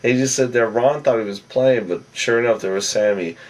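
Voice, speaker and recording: A man recapping a TV episode in a casual, rambling way, his voice lower and huskier than usual, like a late night radio host. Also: a little fast, recorded from a distance. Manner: rambling and chatty, wanders off topic.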